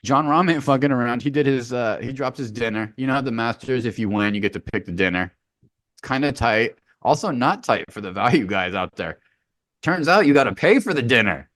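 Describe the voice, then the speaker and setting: A man's voice: medium pitch, expressive, brisk, a bit bright, dry recording, clean studio sound. A man co-hosting a podcast, rambling and joking in casual sports banter, swearing freely. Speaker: podcast co-host. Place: remote Hawaii.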